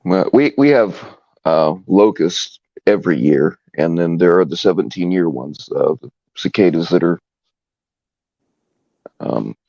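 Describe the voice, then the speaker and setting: Deep gravelly man, casual chat. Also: lively intonation, darkish tone, no echo, highs cut off. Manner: halting, laid-back, with many fillers. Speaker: live stream host.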